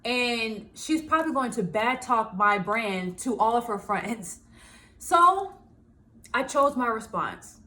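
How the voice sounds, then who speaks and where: High-voiced woman vlogger, animated and laughing. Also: slow pace. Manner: animated, laughing, acts out her own inner voice. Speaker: small business owner and vlogger. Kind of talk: casual self-help talk to camera.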